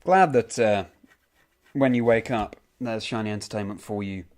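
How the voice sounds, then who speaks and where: A man's voice: lowish voice, normal speed, darkish tone. A young man streaming a game, casually reading out and answering chat messages with frequent ums. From United Kingdom.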